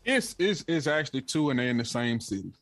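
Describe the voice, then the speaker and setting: A man's voice: medium pitch, big pitch swings, fairly quick, fairly bright tone, no echo. Guy going off about teams he hates on a podcast, stammers a bit, super dry mic. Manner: emphatic, stammering restarts. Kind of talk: casual sports banter.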